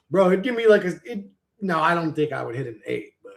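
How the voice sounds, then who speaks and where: A man's voice: a little high, big pitch swings, a little fast, gravelly, few pauses. A man in a casual, rambling live-stream chat, swearing freely and chuckling often as he talks.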